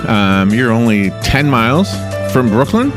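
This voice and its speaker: A man from Long Island hosts a radio interview at a middling pitch. He talks in a loose, rambling way, restarting his sentences and filling pauses with "uh" and "gosh.". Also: big pitch swings, over music. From Long Island, New York. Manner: rambling, chatty, many restarts and fillers. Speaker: radio host.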